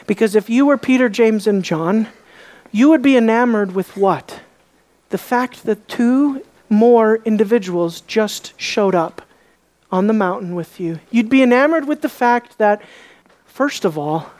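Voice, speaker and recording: Expressive woman preaching a sermon. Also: a little high, unhurried. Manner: expressive, rhetorical questions, swings between soft emphasis and excited rises; repeats key words for emphasis.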